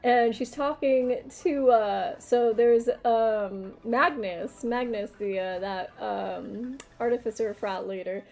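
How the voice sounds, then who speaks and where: A woman's voice: a little high, slow pace, vocal fry, few pauses, darkish tone. A young woman running a tabletop game as game master, casual and loose, with many fillers. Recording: faint music behind.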